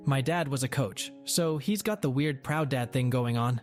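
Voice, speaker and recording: A man's voice: medium pitch, lively intonation, moderate pace, hardly any pauses, darkish tone, soft background music. A man narrating a Reddit post aloud in a wry, sardonic manner.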